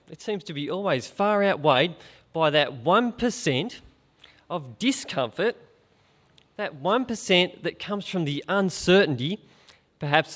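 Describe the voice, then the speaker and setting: A man's voice: a little high, fairly bright tone. A middle-aged man gives an informal gospel talk, speaking conversationally and asking his listeners direct questions. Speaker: preacher.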